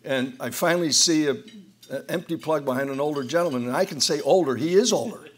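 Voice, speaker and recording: In an event hall, an older American man, sixty or more, addresses the audience from a roundtable with a quick, slightly high voice. His humorous stories are wry and self-deprecating, and he keeps restarting his sentences.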